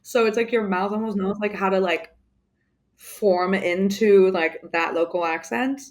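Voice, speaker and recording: A woman's voice: medium pitch, unhurried. A woman with a mixed English accent, a guest talking casually in an interview, rambling with many fillers and restarts. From United Kingdom. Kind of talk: casual conversation.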